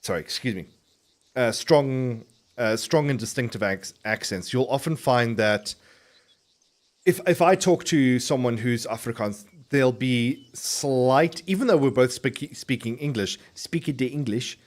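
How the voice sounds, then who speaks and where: A male game streamer talks casually at a middling pitch while he plays. He rambles, breaks off and restarts his sentences, and swears often, but his words are crisply enunciated. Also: expressive, unhurried. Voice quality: clearly enunciated.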